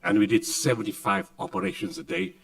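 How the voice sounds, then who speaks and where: South African man, keynote speaker, dramatic storyteller, somewhat high voice, distant mic in a hall. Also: lively intonation, a little fast, creaky. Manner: dramatic, emphatic, acts out dialogue in lower voice. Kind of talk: storytelling speech. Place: conference hall.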